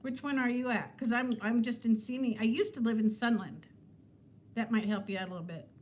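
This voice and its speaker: A woman in her fifties chats with viewers on a casual livestream. She rambles and laughs often as she goes. Her voice sits fairly high, with a faint hiss behind it. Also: fairly even intonation, a little fast. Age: 50s. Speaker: weight-loss vlogger.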